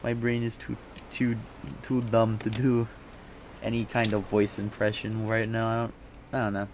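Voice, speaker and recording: A man's voice: lowish voice, completely flat delivery, normal speed, background noise. A young man commenting live on a game he is playing, thinking aloud in a casual, rambling way with frequent restarts and self-mocking slang. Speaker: streamer. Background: game music.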